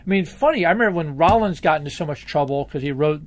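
A man's voice: on the high side, animated, fast talker, no echo. A man being interviewed, telling stories in a rambling, emphatic way and swearing freely. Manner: emphatic, profane, rambling storyteller. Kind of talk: candid conversational interview.

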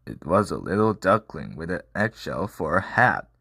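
A man's voice: sits low, sing-song, normal speed, gravelly, pushed and bright, breathy edge, no echo, clean studio sound. A man, the channel host, reading a children's picture book aloud in an upbeat, playful way. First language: Korean. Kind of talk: children's story read-aloud.

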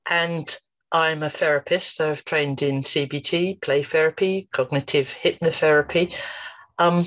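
Animated woman therapist storytelling. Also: a little slow. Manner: lively, animated retelling with jumps in pitch. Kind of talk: storytelling talk to camera.

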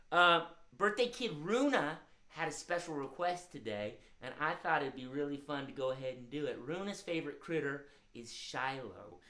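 Upbeat woman hosting a kids' stream. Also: deep voice. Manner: warm, upbeat, talks to children directly. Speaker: children's musician and show host. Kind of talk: live-streamed kids' show.

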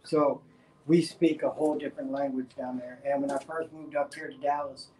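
A man from Brownsville, Texas, co-hosting a live furniture-painting stream, telling a story with lively laughter. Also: mid-range voice, normal speed, far from the mic. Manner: animated storyteller, laughs at his own tale. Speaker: co-host. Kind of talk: casual storytelling. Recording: roomy, off-mic, faint background noise.

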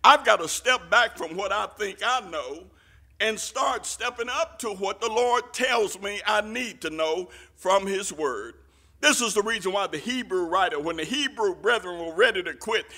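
A man preaching a sermon with passion, swinging from quiet asides to shouted lines, using folksy Southern turns of phrase. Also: high-pitched. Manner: impassioned, rising to shouts.

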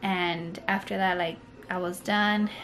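A woman's voice: on the low side, fairly even intonation, measured pace, fairly bright tone, a little hiss or hum. A young woman telling a personal story to camera in a casual vlog, rambling and full of "like" and "you know". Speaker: vlogger.

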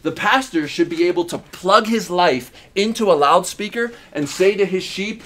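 A man's voice: high voice, normal speed, hardly any pauses, bright, forceful tone. A man preaching a sermon as pastor, emphatic, with repeated phrases and rhetorical questions. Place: church in Uganda.

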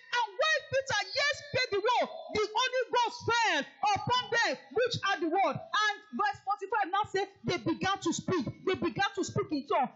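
A woman's voice: very high-pitched, fairly bright tone. A woman preaching a fiery sermon and leading prayer, repeating phrases in rhythmic, emphatic declarations. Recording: dull lo-fi sermon recording.

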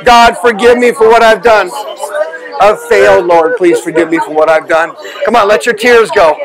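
A man leading a deliverance prayer, forceful and commanding, often shouting. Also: sits high, moderate pace, low-quality recording. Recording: crowd noise behind.

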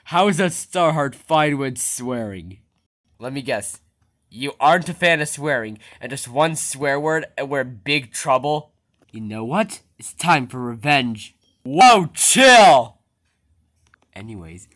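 A fan animator voicing the bickering characters of a homemade object-show cartoon, jumping from sulky mutters to sudden loud yelling. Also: medium pitch, very animated, a little slow.

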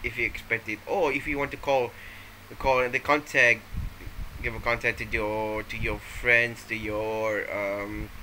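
A man's voice: lowish voice, little pitch movement, measured pace, pushed and bright, a little hiss or hum, rough recording. A man vlogging from home, rambling playfully and hesitantly, often restarting his sentences. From Malaysia. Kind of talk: casual rambling vlog.

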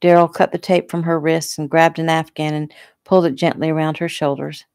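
A woman author casually reading her own novel aloud at home in a relaxed, conversational way. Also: low-pitched, brisk, clear, resonant tone, dry recording, clean studio sound. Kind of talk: casual audiobook narration. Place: home room.

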